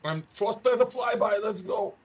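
A man chatting casually while playing a co-op game, excitable and often repeating words. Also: high-pitched, moderate pace. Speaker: gamer playing co-op.

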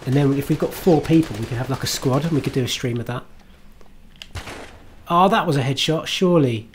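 A man's voice: medium pitch, fairly quick, slight background noise. A man streaming himself playing a game, chatting to viewers in a self-mocking way, swearing and laughing at his own mistakes. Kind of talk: live gameplay commentary.

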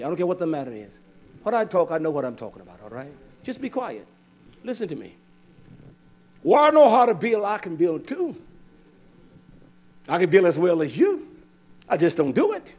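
A man with a notably high-pitched voice delivers a sermon. He reads scripture and then scolds his listeners bluntly. His volume swings from loud outbursts to low mutters. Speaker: preacher.

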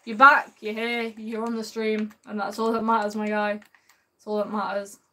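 A woman live-streaming a game, chatting warmly and excitably with her viewers and drawling a repeated sing-song catchphrase. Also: medium pitch, moderate pace. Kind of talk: live gameplay commentary.

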